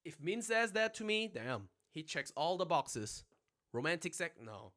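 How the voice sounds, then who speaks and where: His voice is on the high side and sing-song, a little slow, pushed and bright. Streaming a casual lesson from home on his phone, the young man rambles, jokes and curses, tossing in "right?" over and over.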